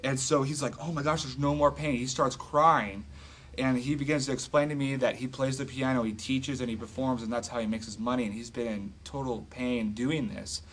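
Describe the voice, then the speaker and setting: A man casually retelling a healing story as an evangelist, animated and full of fillers. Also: mid-range voice, moderate pace. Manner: animated, filler-heavy retelling with acted quotes. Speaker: street evangelist telling a testimony.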